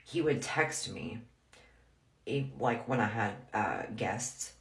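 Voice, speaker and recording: Speaking slowly and animatedly in an extremely low-pitched voice, a woman vlogger tells a personal story in a blunt, candid, casual way. "Like" comes up constantly, and the recording has a roomy echo.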